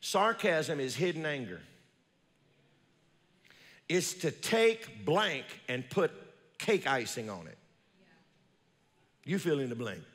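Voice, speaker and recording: Man preaching in a reverberant church. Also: big pitch swings. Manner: preaching with call-and-response to the congregation, reading scripture slowly; swings from loud high emphasis to low quiet asides. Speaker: pastor. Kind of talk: sermon. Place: church sanctuary. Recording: long reverb of a large church.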